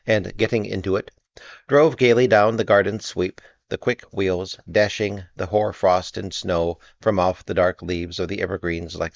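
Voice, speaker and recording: A man narrating an audiobook with measured, expressive storytelling. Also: deep voice, creaky, no echo, dull audio. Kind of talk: audiobook reading.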